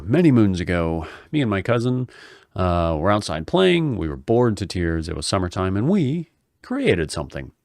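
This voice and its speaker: A man with a low, smooth voice tells a childhood story in a chatty, self-mocking way. He breaks off for wry asides. The recording is dry and close. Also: no echo. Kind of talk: casual personal storytelling.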